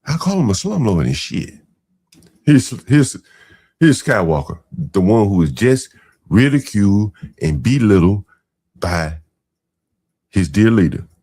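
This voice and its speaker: Deep gravelly man, mocking commentary. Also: big pitch swings, unhurried, long pauses, warm tone. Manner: mocking, incredulous asides with frequent fillers. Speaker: podcast host reacting to clips. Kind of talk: casual commentary.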